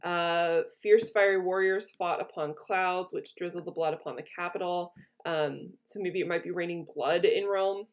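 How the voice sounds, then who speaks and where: A woman's voice: on the low side, moderate pace. A woman teacher reading lines from a play aloud and retelling them in casual everyday words for her students. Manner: casual paraphrase.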